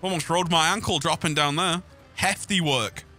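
A young man hosting a gaming channel jokes and swears through a co-op game, calling everyone mate in casual banter. His voice is on the high side, bright and forceful, at normal speed, with faint music behind.

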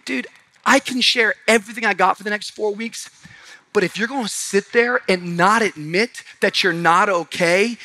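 Fiery high-voiced preacher. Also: male voice, normal speed. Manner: passionate, swings from shouting to hushed. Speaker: pastor. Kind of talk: sermon. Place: large church auditorium.

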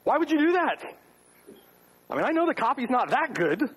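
A man's voice: very high voice, very animated, moderate pace, fairly bright tone, a little hiss or hum, low-quality recording. A man preaching a sermon to his congregation, firing off rhetorical questions with wry asides. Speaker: pastor. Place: church.

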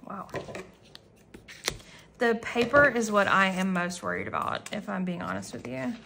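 A woman talking casually in an unboxing vlog at home, gushing and excitable as she chats on. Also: medium pitch, measured pace, creaky, slight background noise. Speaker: planner vlogger. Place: common room at home, indoors.

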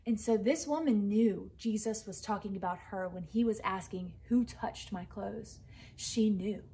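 A young woman teaching a children's church lesson, telling a Bible story in a lively way and often checking in with "right?". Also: medium pitch, a little slow, slight background noise, rough recording.

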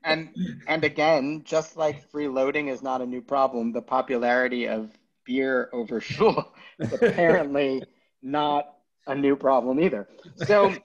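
A man's voice: medium pitch, fairly even intonation, a little slow, highs cut off. A man, a rabbi, teaching a Talmud class in an informal way, joking and thinking aloud with many fillers.

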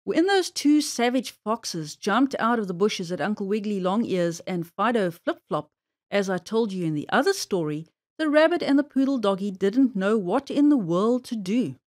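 A woman reading a children's story aloud in a playful, expressive storytelling manner. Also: medium pitch, moderate pace.

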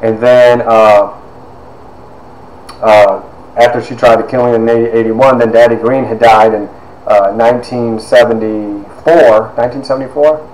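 A man in his fifties giving a personal testimony, halting with fillers and acting out quoted dialogue. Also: mid-range voice, fairly even intonation, a little mellow, slight background noise. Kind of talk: personal storytelling talk. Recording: roomy echo.

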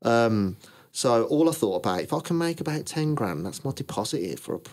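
A man's voice: medium pitch, brisk. A British man, a brand founder, casually tells his story in an interview, acting out old conversations and laughing at his own punchlines. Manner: lively, acts out both sides of past conversations. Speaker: clothing brand founder, podcast guest.

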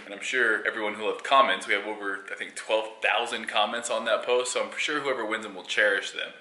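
A man's voice: fairly low pitch, pushed and bright. A young man chatting casually to camera in a playful, teasing vlog. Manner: playful, teasing, laughs a lot. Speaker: vlogger. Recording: echoey room, faint noise.

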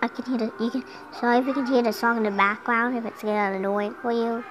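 A chatty, giggly young girl talks through her game from her room at home, her voice a little high. She drifts into humming now and then. A faint hum of household noise sits behind her. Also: steady tone, fast talker, lo-fi sound. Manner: chatty, giggly, sings and hums along. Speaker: gameplay commentator. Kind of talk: casual gameplay commentary.

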